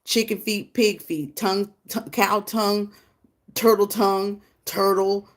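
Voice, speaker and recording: A woman hosting a casual livestream. She rambles and chats, greets viewers by name, and often jumps into high, loud exclamations. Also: flat delivery, a little slow. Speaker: livestream host.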